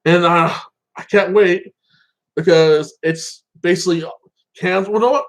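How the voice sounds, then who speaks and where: A man's voice: sits high, steady tone, moderate pace, low-quality recording. A man casually recapping and reviewing a show episode, rambling with lots of fillers and acting out the characters' lines.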